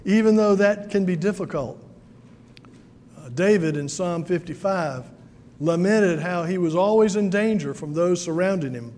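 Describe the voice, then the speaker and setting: Preacher man, high pitched, telling folksy stories, big echoey church. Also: darkish tone. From South Carolina. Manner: folksy storytelling with many fillers. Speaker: pastor. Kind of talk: sermon.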